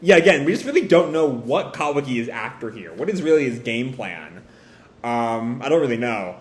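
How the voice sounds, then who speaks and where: A man's voice: medium pitch, animated, moderate pace. A man reading a manga chapter aloud and reacting casually, hedging with fillers. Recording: roomy echo.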